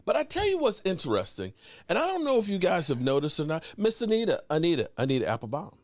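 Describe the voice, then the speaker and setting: A man with a high, bouncing voice hosts a live sports talk stream. He is animated and teasing, and he calls out chat viewers by name. His voice sounds close and dry. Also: fast, no echo, soft background music. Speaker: sports show host.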